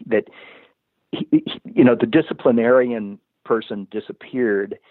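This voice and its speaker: A man's voice: on the low side, vocal fry, no echo. A man telling a long personal story in a casual, rambling way, often restarting sentences and saying "you know". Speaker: guest telling a life story. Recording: tinny phone-line sound, dry.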